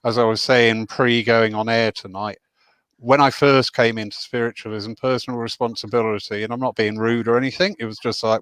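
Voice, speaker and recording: A man hosting a relaxed spiritual discussion, voice mid-range in pitch. He talks with earnest emphasis and chatty asides. The recording is dry and close. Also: a little fast, clean tone, dry recording. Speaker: host.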